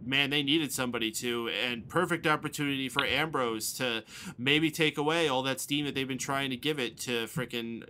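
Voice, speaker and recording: A man's voice: medium pitch, normal speed, a little hiss or hum. A man hosting a live call-in wrestling podcast, reading out listener comments and welcoming callers in an upbeat way. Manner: upbeat, reads listener comments and shout-outs. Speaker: podcast host.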